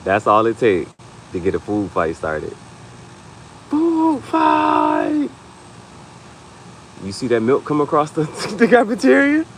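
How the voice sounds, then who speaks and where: Lower-voiced man telling animated, joking stories. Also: moderate pace, slight background noise, poor audio. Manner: animated storytelling, laughs often, leaps into high-pitched acted quotes. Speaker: podcast host. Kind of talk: casual comedic chat.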